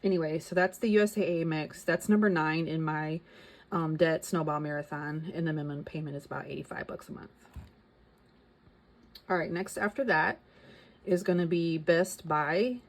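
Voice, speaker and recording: A woman's voice: low voice, normal speed. A middle-aged woman chatting casually as a vlogger, thinking aloud and reading out figures. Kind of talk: casual chat.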